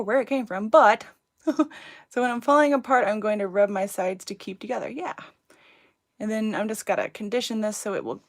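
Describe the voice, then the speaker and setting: Brief: a woman hosting a relaxed craft livestream, bubbly and chatty, a touch high-pitched. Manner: chatty, giggly, talks to viewers and her dog. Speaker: crafting channel host. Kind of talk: casual livestream tutorial.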